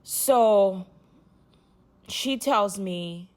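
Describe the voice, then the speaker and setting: A woman's voice: mid-range voice, drawn-out words. A young woman from Uganda, telling her own story in a rambling, heartfelt monologue full of restarts.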